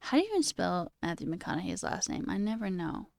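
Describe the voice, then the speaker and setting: A young woman hosting a livestream talks freely and laughs often, repeatedly saying "okay" and "all right." Her lowish, slightly mellow voice is sing-song and brisk with vocal fry, and there's no room sound.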